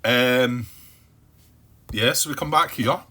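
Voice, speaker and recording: A man talks through a solo board game, reasoning aloud in a hesitant, self-questioning way. He repeats words as he goes and tells himself to calm down by name. His voice sits at an ordinary, middle pitch. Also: takes it slowly. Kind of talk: thinking-aloud playthrough commentary.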